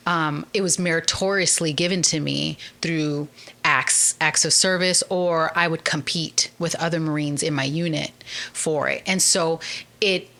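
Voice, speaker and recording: A woman from Chicago, a podcast guest, telling her personal story candidly and earnestly, often pausing on "um" and "like". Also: low voice. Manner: earnest, lively, with frequent "um" and "like".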